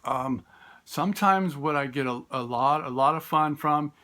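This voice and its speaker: A man, a special education teacher, telling classroom stories in a relaxed, storytelling way. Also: a little high, a little slow. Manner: warm storytelling, acts out voices in quotes; frequent fillers and restarts. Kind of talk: informal talk with classroom stories.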